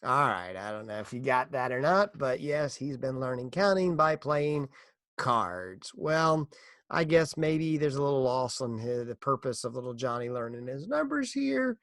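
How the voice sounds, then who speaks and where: A man's voice: medium pitch, animated, normal speed, a bit bright, no room sound, studio quality. A middle-aged man hosting a casual motivational podcast, earnest and encouraging as he speaks straight to listeners. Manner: earnest, encouraging, tells a corny joke. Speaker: podcast host.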